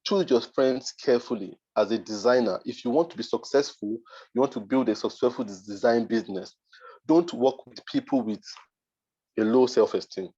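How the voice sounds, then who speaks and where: A man's voice: mid-range voice, normal speed, warm tone, breathy edge, muffled recording. A Nigerian man, a design mentor, giving a motivational masterclass talk, emphatic and repeating his points for force.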